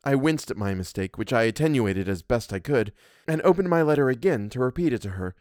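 A man reading a classic ghost story aloud, narrating in a measured and expressive way. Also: mid-range voice, no echo, clean studio sound. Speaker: reader.

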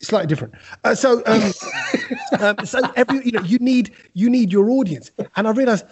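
A man hosting a casual podcast chat, telling animated stories and putting on voices. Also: high voice, moderate pace, husky, dull audio. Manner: animated storyteller, puts on voices in anecdotes. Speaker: podcast host.

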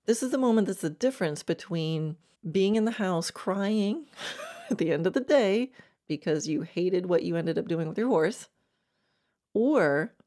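A woman's voice: on the low side, warm tone. A woman horsemanship coach hosting a podcast, giving an encouraging, conversational teaching monologue and laughing often.

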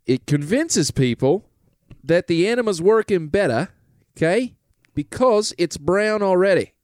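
A man's voice: high-pitched, expressive, measured pace, a little mellow, no echo, studio quality, voice pushed up. A man voicing a pushy male salesman, with chummy sales patter. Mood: salesy. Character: brash British male salesman pitching a product.

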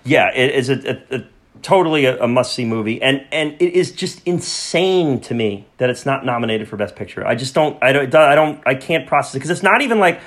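A man hosting a relaxed film podcast, his voice sitting in an ordinary middle register. He rambles, doubles back on his words and stumbles over foreign names. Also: mid-range voice, fairly quick. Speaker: podcast host. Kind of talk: casual film chat.

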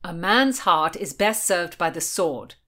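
Blackjack is a brash young Elizabethan gallant in a storybook, gruff, loud and full of swagger, voiced by a woman. The voice sits fairly low and comes out with force. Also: lively intonation, measured pace.

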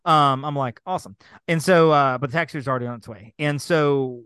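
A man co-hosting a podcast, telling a travel mishap as a lively story and acting out the back-and-forth. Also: mid-range voice, brisk, clean tone, no room sound, studio quality. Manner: animated storyteller, acts out quoted exchanges. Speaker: podcast co-host. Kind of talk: casual chat, storytelling.

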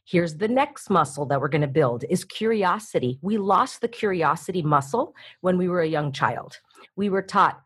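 A woman talking as an interview guest, energetic and coaching, often slipping into little acted-out voices. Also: on the low side, normal speed, husky. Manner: energetic, acts out voices in quotes. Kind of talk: animated interview talk.

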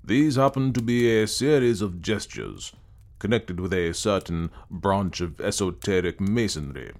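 A man voicing a cautious, reflective gentleman who smokes a pipe and speaks in a measured, musing way. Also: low-pitched.

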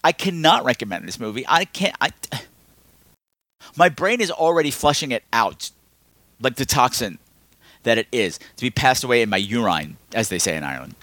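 Animated, exasperated male podcast host. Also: moderate pace, long pauses, no room sound. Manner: rambling, exasperated, sarcastic; animated, with lots of pitch swings. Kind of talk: casual film review podcast.

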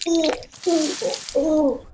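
A woman's voice: sits high, level tone, takes it slowly, background noise, voice pushed up. A woman playing a bewildered, eager young male hero in a comedy sketch, asking confused questions.

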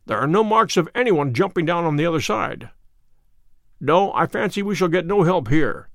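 A man reading an audiobook, voicing a calm, authoritative detective with a measured manner. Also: on the high side, dry recording, studio quality. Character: sharp, commanding male detective, calm and cryptic.

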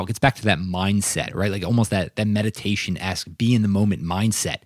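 A man's voice: on the low side, fairly quick, few pauses, no echo, clean studio sound. A young man hosting a solo podcast, talking earnestly and often checking in with "right?" and "like". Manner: earnest, keeps asking "right?" and "like". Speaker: podcast host.

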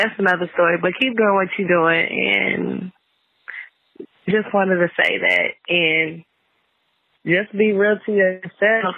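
A woman's voice: on the low side, creaky, husky, dry recording, narrow, tinny audio. A woman from Kentucky leaving an effusive voicemail to praise the host. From Louisville, Kentucky. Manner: effusive, slow and gushing. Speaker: voicemail caller. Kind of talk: gushing fan voicemail.

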